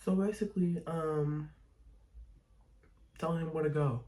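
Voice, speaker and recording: A man's voice: on the high side, fairly even intonation, unhurried, mellow, low-quality recording. A young man chatting casually and expressively as he tells a storytime while doing his makeup, with frank, profanity-laced gossip. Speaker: vlogger.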